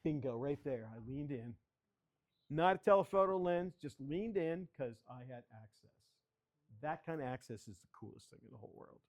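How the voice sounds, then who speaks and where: A man's voice: fairly high pitch, animated, normal speed, muffled recording. An older man, a photographer, telling stories as he takes a club through a slideshow of his work and calls for each next slide. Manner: chatty storyteller, asking for the next slide. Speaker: guest speaker, photographer. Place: children's library area.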